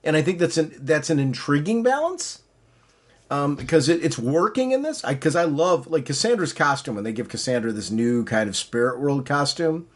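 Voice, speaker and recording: A man's voice: fairly high pitch, big pitch swings, moderate pace. Eager male comics podcast co-host. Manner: enthusiastic, rambling, many restarts. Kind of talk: casual chat.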